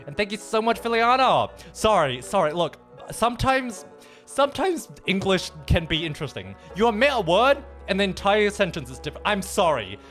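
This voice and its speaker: A man with a high, very lively voice chats casually with his stream audience, swinging his pitch up and down as he goes. He swears freely and tosses in Japanese phrases. Faint music plays behind him. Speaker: livestreamer. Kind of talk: casual livestream chat.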